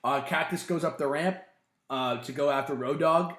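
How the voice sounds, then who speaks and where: A man co-hosting a podcast, recapping in casual chat, animated and swearing freely. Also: on the high side, moderate pace. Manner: animated, swears freely, acts out quotes in loud bursts. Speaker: podcast co-host. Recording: roomy echo.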